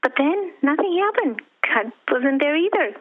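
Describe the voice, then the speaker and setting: A woman guest telling her personal testimony with deep feeling, at times close to tears, quoting her own past thoughts. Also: lively intonation, normal speed. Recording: tinny phone-like line.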